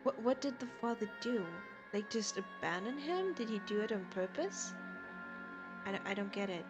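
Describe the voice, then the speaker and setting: A woman's voice: mid-range voice, animated, normal speed, music in the background. A woman, not a native English speaker, streaming a game and chatting casually, giggly and thinking aloud.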